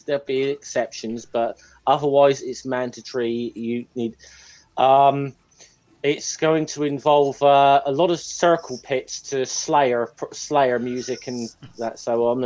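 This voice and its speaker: A man's voice: mid-range voice, darkish tone, low-quality recording. A man chatting casually on a panel, rambling with many ums and restarts. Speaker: regular panelist. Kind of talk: casual group chat.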